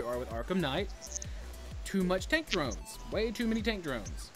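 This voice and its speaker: A man talks casually about gaming, rambling through restarts and blunt, profane asides. His voice sits slightly high for a man. Music plays clearly underneath. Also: big pitch swings, normal speed.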